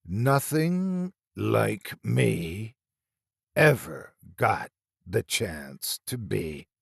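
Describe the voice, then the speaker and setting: A man voicing a taunting inhuman creature in a horror story, speaking in slow, broken, rasping phrases with a hiss and wheeze. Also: on the low side, very animated, a bit bright, no room sound, studio quality, exaggerated voice. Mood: menacing.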